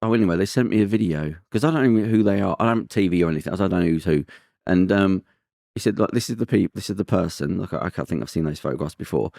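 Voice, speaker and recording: Deep-voiced man chatting on a podcast. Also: fast talker, vocal fry, no echo, clean studio sound. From Britain. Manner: rambling, emphatic, animated storytelling. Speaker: podcast host. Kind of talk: casual chat.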